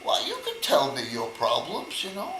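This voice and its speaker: A man's voice: on the high side, wildly swooping pitch, normal speed, pushed and bright, roomy sound, slight background noise, full character voice, low-quality recording. An older man voicing a troubled father who is earnest and thankful.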